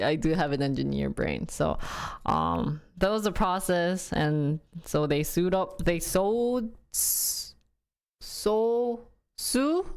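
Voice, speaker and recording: Slow-talking woman chatting on stream. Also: fairly low pitch, smooth. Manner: chatty, laughs often, searches for words. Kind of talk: casual live-stream chat.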